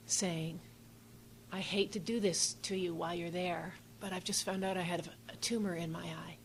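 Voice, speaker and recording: A middle-aged woman from Canada telling a personal story, expressive and swinging between hushed and excited tones. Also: lowish voice, a little hiss or hum, rough recording.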